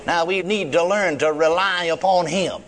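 An older man delivers a sermon in a high-pitched voice. He repeats his key phrases and leans hard on single words, slowing to draw them out. Folksy turns of phrase and frequent cries of praise run through his preaching. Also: fairly bright tone. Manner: repetitive emphatic preaching with frequent praise interjections.

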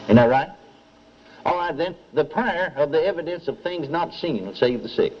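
An older man with a fairly high voice preaches a sermon at a normal pace, the recording sounding lo-fi. He tells an animated story, acting out and repeating dialogue, and calls on the congregation for amens.

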